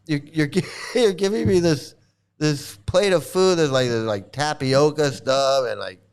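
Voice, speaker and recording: Laughing, rambling man with smooth voice. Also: a little high, unhurried. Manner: laughs often, profane, mimics others in quoted asides. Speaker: streamer answering chat. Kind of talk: casual rambling chat. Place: home in Thailand.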